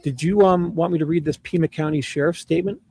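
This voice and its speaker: A man co-hosts a livestream in a friendly, easygoing chat. His voice sits fairly high and sounds dry and close, and he often repeats himself. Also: steady tone, quick pace, mellow, no echo. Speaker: livestream co-host. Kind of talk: casual chat.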